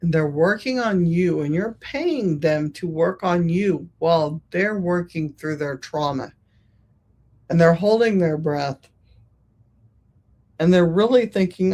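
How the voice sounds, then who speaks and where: Podcast host, spiritual healer, very slow delivery, repeats words for emphasis, reflective monologue. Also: medium pitch, darkish tone. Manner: slow, repetitive, emphatic phrasing.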